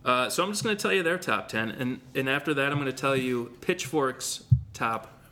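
A man's voice: medium pitch, expressive, normal speed, pushed and bright. A man hosting a casual podcast, joking and rambling with his co-host.

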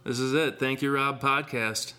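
A man's voice: mid-range voice, fairly even intonation, normal speed, over music. A man hosting a casual podcast, joking and rambling with his co-host.

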